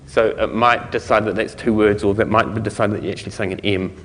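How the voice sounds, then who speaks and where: A male conference presenter loosely explains technical material in a fairly low, steady, fairly bright voice at a fairly quick clip. The hall recording carries long reverb plus a little hiss or hum.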